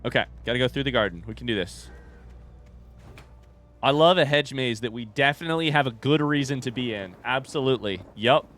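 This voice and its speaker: A man streaming a video game live, giving excitable, jokey commentary with plenty of swearing. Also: mid-range voice, brisk, soft background music.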